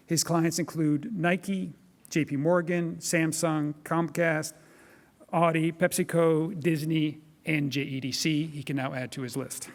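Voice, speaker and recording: In a large conference hall with noticeable reverb, a male event host reads a measured introduction of the keynote speaker from his notes. His voice is a little high and his delivery flat.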